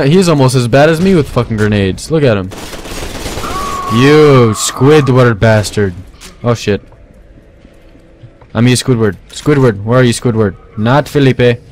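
A young man giving goofy, casual commentary over his own gameplay, talking to his weapons and now and then yelling at them. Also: medium pitch, unhurried, long pauses. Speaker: let's play gamer. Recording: faint game noise behind. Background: game gunfire.

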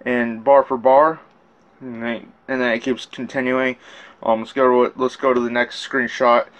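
The audio is dull, but the man's medium-pitched voice comes through fairly bright, level and unhurried. He casually rants about his side of a rap feud, recounting messages, swearing repeatedly and restarting his thoughts.

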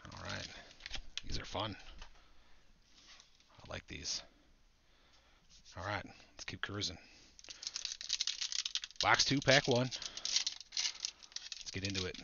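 A man hosting a live trading-card break, chatting excitedly with viewers as he opens packs. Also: on the low side, takes it slowly, gravelly, long pauses, noisy background. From Buffalo area, United States. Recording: dull lo-fi audio.

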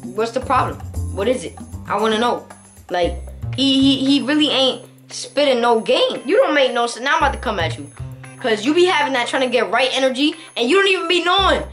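A woman talking casually to her viewers, teasing and slangy, with lots of playful jabs. Her voice sits a bit high for a woman. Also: very animated, a little fast, fairly bright tone, faint music behind. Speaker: prank video host. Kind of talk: casual vlog narration.

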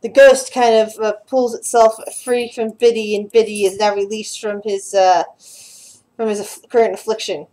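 A woman narrating as game master of an online tabletop game, halting and restarting as she describes scenes. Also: medium pitch, level tone, a little mellow, poor audio.

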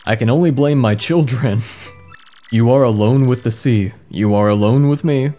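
A man's voice: medium pitch, normal speed. A man doing comedic let's play commentary, reading mistranslated game text aloud and joking about it in a wry, amused way. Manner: wry, amused, reads mistranslated lines with deadpan jokes. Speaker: gaming commentator. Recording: faint game music behind voice.

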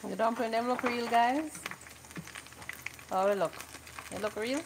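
Slow-talking woman by a sizzling pan. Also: fairly high pitch, background noise. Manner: playful, teasing. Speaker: cooking show co-host. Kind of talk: casual live cooking chat. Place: home kitchen. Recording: loud frying sizzle behind.

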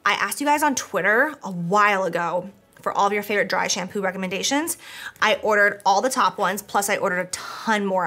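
A woman's voice: mid-range voice, sharp tone. A young woman chatting casually in a product review vlog, gushing and talkative, with lots of "like" and casual swearing. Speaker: beauty vlogger.

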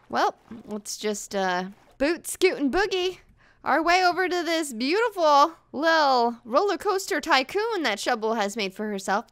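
Very high, bright young woman gamer. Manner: bubbly, dramatic, mock-offended. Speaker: gaming channel host. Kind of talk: casual gaming commentary.

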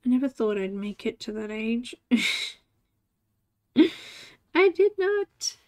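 A woman's voice: fairly high pitch, very animated, takes it slowly, warm tone. A woman in her forties hosting a live coloring tutorial, chatting, laughing and teasing her cat as she works. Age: 40s. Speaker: art tutorial host. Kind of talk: live coloring stream chat.

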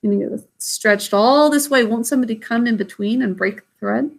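A woman's voice: a little high, moderate pace, vocal fry. A woman reading aloud, voicing an eager young princess who asks her grandmother questions. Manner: pleading, questioning.

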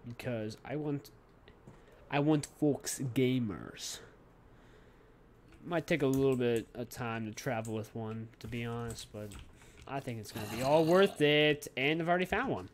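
A young man narrates his gameplay in a loose, goofy way and talks to his pet and his viewers. His voice sits in an ordinary middle range. Keyboard clicks and typing are clearly heard behind him. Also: medium pitch, unhurried, a little hiss or hum. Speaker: gaming YouTuber. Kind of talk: casual gameplay commentary.

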